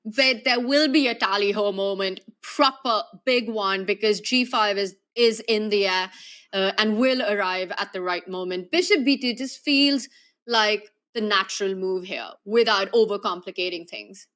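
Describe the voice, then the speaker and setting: Bright, lively woman chess commentator. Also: medium pitch, normal speed. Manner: lively, playful, analytical.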